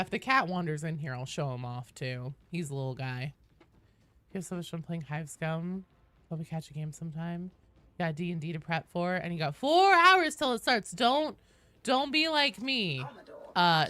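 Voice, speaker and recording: A woman's voice: low voice, normal speed, fairly bright tone. A young woman streaming a game, chatting casually and upbeat with viewers, swearing now and then and greeting people by name.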